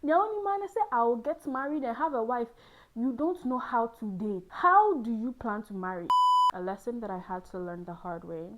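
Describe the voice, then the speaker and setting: This young host, put on the hot seat, gets frank and playful about love and relationships and laughs often. She speaks a little fast in a fairly high, expressive voice, captured on a rough recording.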